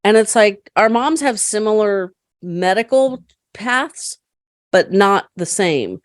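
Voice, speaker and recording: A middle-aged woman, a podcast guest, chatting and telling stories in a lively way, laughing often. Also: mid-range voice, slow pace, no echo, studio quality. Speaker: podcast guest, caregiver advocate. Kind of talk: storytelling in casual conversation.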